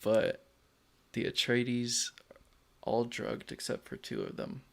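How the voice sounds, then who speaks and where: A man's voice: mid-range voice, expressive, slow, creaky. A man co-hosting a casual movie-review podcast, giggling often as he eagerly explains the lore. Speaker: podcast co-host.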